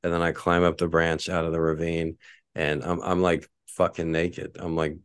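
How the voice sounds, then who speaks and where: A man's voice: low voice, monotone, moderate pace, clear, resonant tone, no echo, studio quality. A man from Texas, a podcast host, telling rambling casual stories full of "like" and casual swearing. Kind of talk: casual storytelling.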